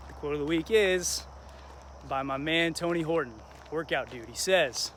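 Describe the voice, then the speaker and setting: A man's voice: on the high side, normal speed, a bit bright, a little hiss or hum. A young man hosting a casual motivational vlog outdoors while walking through a neighborhood, upbeat and encouraging, tossing in Spanish phrases. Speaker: vlog host.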